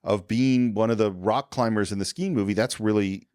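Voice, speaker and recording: A man's voice: lowish voice, moderate pace, a little mellow, smooth, dry recording, studio quality. A man co-hosting a podcast in casual chat, retelling film scenes and slipping into the characters' lines. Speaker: podcast co-host.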